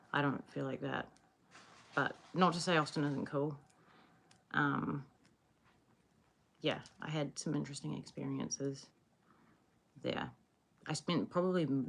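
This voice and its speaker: A tired woman with a New Zealand accent rambles sleepily while chatting casually with her livestream viewers. Her voice is low-pitched and a bit bright, with vocal fry.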